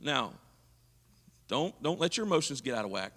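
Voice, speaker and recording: A man's voice: medium pitch, big pitch swings, normal speed, fairly bright tone, in a large hall. A man leading a leadership seminar at a church, teaching and asking his audience questions. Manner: engaging, asks the audience questions. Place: church hall.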